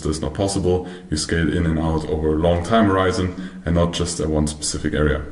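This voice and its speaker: A man teaches a recorded trading course over slides, methodical in his approach and prone to restarting and correcting his words. His voice is low-pitched, a little mellow, and reverberant.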